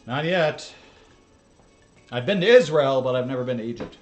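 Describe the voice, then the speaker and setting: A mid-pitched American man hosting his own channel, keeping up a loose, rambling running commentary full of small asides. His voice is ordinary and unforced, with faint music playing underneath. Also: animated, moderate pace, pauses often. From United States. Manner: chatty, rambling asides with laughs. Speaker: channel host. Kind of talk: casual reaction commentary.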